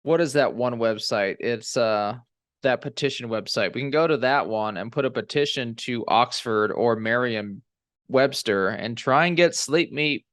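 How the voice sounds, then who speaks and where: A man's voice: medium pitch, measured pace, a bit bright, no echo, studio quality. A man co-hosting a comedy podcast, reading a news item aloud with joking asides. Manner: laughs often, reads aloud with asides. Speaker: podcast co-host. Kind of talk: casual comedy chat, reading news story.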